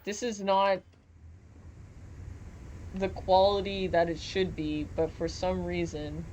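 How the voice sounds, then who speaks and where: A woman's voice: fairly low pitch, level tone, slow, a little mellow, slight background noise. A young woman streaming from home, chatting casually while gaming, giggling and joking as she reads chat aloud.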